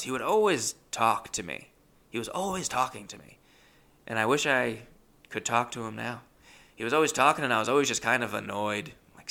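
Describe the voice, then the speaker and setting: Young male comedian, gravelly and bright, rambling self-deprecating storyteller. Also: mid-range voice, expressive, brisk. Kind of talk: comic storytelling.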